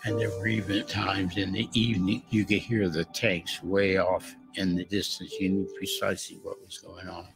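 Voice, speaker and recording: Elderly man in his nineties, gravelly voice, lowish pitch, plain-spoken war stories, music underneath. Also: level tone, moderate pace, hardly any pauses, poor audio. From United States. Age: 90s. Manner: vivid, plain-spoken storytelling. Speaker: war veteran interviewee. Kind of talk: recounting wartime memories. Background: background music.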